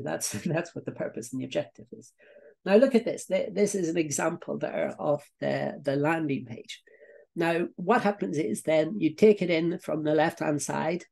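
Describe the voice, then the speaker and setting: An Irish man giving an online coaching training, often tagging his points with "okay?" and filling pauses with "uh, there". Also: on the high side, creaky, a little mellow. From Ireland. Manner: repetitive, tags points with "okay?" and "uh, there" fillers. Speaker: business coach.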